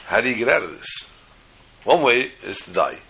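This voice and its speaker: A man's voice: medium pitch, very animated, normal speed, gravelly, bright, forceful tone, a little hiss or hum, low-quality recording. An older man teaching a Torah class, mixing teaching with jokes and storytelling asides.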